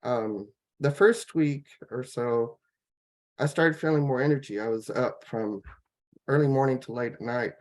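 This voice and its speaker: A woman on a laptop video call, telling her personal health story in a rambling, halting way, full of fillers and restarts. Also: extremely low pitch, a little mellow. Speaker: guest sharing a health testimonial. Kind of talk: casual personal testimony.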